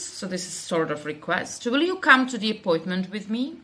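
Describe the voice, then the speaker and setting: A woman's voice: mid-range voice, very animated, normal speed, pushed and bright. A woman with a Slovak accent teaching English grammar, reading out example sentences and explaining them in loose, unscripted speech with many fillers. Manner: unscripted, with frequent fillers and restarts.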